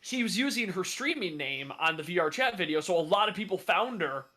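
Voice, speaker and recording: A man chatting casually on a podcast, excitable and swearing, often laughing. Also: sits high, a little fast. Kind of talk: casual chat.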